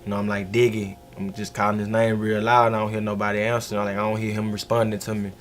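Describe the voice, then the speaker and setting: A man's voice: lowish voice, monotone, fast, a bit bright, faint music behind. A man, recounting events plainly and steadily in a documentary interview. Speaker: interviewee, brother of a shooting victim.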